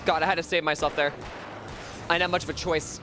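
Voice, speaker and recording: A young man giving excitable live gameplay commentary, swearing a lot and making jokey asides. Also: on the high side, fast talker, background noise. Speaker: streamer playing a horror game.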